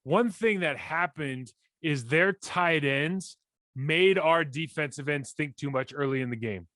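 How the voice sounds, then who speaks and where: A man in his forties co-hosting a casual sports podcast, animated and breaking down plays in detail with many restarts. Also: fairly high pitch, measured pace, no echo. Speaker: podcast co-host, former NFL lineman.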